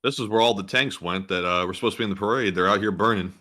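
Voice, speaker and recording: Quick-talking male co-host. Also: fairly low pitch, bright, forceful tone. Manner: quick, joking asides. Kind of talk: live-stream war commentary.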